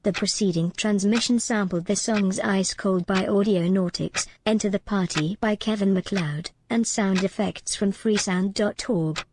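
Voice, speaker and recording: Woman as female podcast computer assistant, flat announcer read, noisy clicky track. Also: mid-range voice, moderate pace, hardly any pauses, lightly acted. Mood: announcing.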